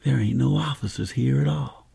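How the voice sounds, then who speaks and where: Guy doing a lonely cavalry sergeant on patrol, real husky and mellow, folksy slow talk. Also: medium pitch, heavily acted. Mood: peaceful. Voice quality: gravelly, husky voice. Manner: slow, folksy, plainspoken with dialect. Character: lone cavalry sergeant on patrol, reflective and homesick. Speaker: historical character monologue. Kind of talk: first-person historical monologue.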